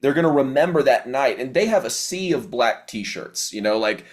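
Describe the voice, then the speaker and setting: A man's voice: medium pitch, lively intonation, normal speed. A man hosting a music business interview, talking in a casual, agreeable way. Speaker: podcast host.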